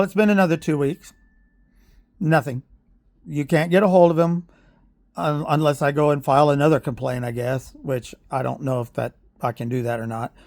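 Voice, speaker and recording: A man's voice: mid-range voice, a little mellow, no room sound, studio quality. A man from Oklahoma, telling a heated, blunt story in a vlog rant with sarcastic asides. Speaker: parent vlogger. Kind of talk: ranting vlog monologue.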